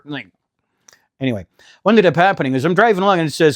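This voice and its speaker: A man's voice: a little high, very fast, dry recording, studio quality. A middle-aged man, talking casually to camera about RV costs in a chatty, exasperated, self-deprecating way. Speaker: RV vlogger. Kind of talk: casual vlog talk.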